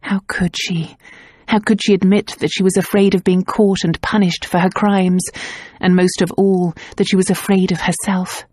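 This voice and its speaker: A woman narrating a romance novel in a measured, even storytelling manner. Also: lowish voice, dry recording, clean studio sound. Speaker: audiobook narrator. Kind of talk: scripted narration.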